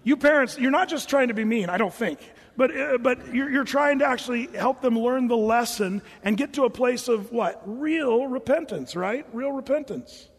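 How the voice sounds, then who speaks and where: A man preaching a sermon as a pastor, conversational and lively, slipping into the voices of people he quotes. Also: very high voice, normal speed, few pauses, breathy edge, in a large hall.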